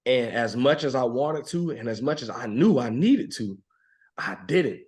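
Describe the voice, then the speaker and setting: A man in his thirties, a podcast guest, telling a personal story in a reflective, emotional, soft-spoken way, laughing now and then. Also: mid-range voice, expressive, unhurried, breathy edge. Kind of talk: heartfelt conversational storytelling.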